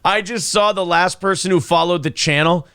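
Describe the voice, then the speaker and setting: Male morning show host, slightly high voice, sarcastic, animated, dry close studio sound. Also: moderate pace, smooth, dry recording. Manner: animated, sarcastic, laughs often. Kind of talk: casual streamed talk show banter.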